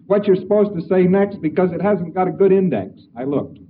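A man's voice: sits high, fairly quick. A man giving an informal lecture in a folksy, anecdotal way, acting out both sides of little dialogues. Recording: tinny lo-fi archival lecture recording, distant mic, faint hiss.

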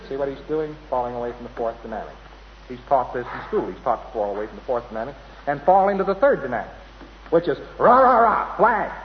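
A man giving a rambling, anecdotal lecture to an audience, often mimicking other people's voices. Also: mid-range voice. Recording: dull lo-fi hall recording with hiss.

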